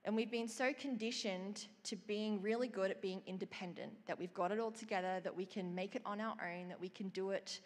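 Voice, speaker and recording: A woman preaching a sermon, telling of a vision in an expressive storytelling way and reading scripture. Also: mid-range voice, fairly quick, few pauses, in a large hall.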